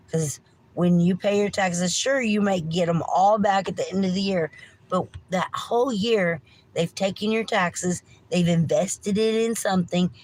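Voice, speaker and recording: A woman's voice: lowish voice, a little mellow, rough recording. A middle-aged woman, hosting a livestream with a meandering rant, swearing freely and apologizing often. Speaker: livestream host.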